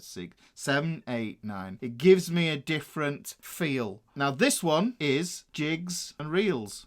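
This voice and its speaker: A man's voice: a little high, a bit bright. A man with a Northern English accent teaching a guitar rhythm lesson, explaining time signatures and counting beats aloud. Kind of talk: music lesson.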